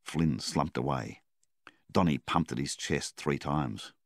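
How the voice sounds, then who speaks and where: A man reading a story aloud in calm, measured audiobook narration. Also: very deep voice, creaky, dry recording, clean studio sound. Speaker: story reader.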